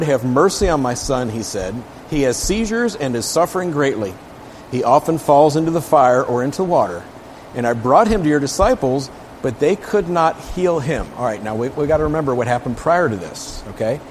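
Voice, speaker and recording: A man's voice: mid-range voice, a little hiss or hum. A man preaching in a casual, conversational way, reading scripture aloud with emphasis and often checking in with his listeners. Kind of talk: casual Bible teaching.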